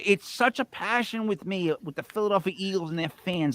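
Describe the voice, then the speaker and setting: Animated rambling middle-aged man. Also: sits high, fairly quick, few pauses, no echo. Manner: animated, rambling, swings loud and soft. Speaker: co-host. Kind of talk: casual storytelling on a live show.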